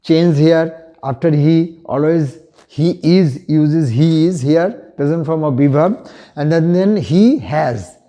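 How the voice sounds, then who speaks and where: A man with an Indian English accent giving an online English grammar lesson, explaining slowly and repeating example phrases. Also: on the high side, mellow. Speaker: English teacher.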